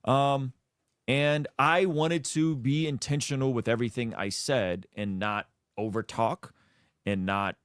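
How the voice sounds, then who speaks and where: A man's voice: medium pitch, steady tone, unhurried, a bit bright, clear, resonant tone, no echo, clean studio sound. A man speaking as a guest in a casual chat, earnest and reflective, choosing his words with care.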